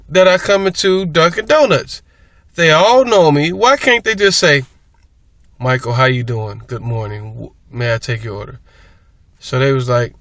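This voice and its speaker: Rambling man, bright dry voice. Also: sits high, dry recording. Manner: rambling, repetitive, with many restarts. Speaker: vlogger. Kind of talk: casual monologue to camera.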